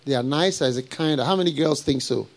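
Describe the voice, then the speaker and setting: A middle-aged man preaching a live sermon, animated and laughing, firing rhetorical questions at his congregation. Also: medium pitch, fast. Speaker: pastor.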